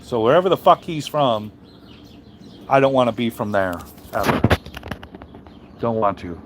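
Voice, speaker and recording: A man's voice: medium pitch, expressive, a little slow, noisy background. A man chatting casually on a livestream, answering his chat in a rambling, blunt and heavily profane way, with frequent restarts. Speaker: trucker streamer reading chat.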